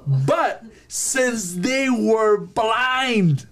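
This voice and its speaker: A man leading a group Bible study, preaching with animated energy, often repeating and restarting words. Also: high-pitched, very slow.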